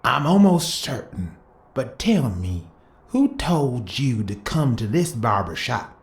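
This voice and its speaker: A woman voicing a composed barber shop keeper who asks calm, probing questions. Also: rumbling low, slow, heavily acted. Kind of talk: video game voice acting. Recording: echoey room.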